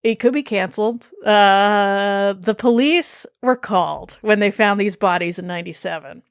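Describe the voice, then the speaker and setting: A chatty woman hosting a podcast, speaking at a medium pitch. She talks loosely, with fillers, swearing and laughing asides. The recording is very dry and close. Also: normal speed, smooth, no room sound. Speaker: podcast host. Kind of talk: casual podcast chat.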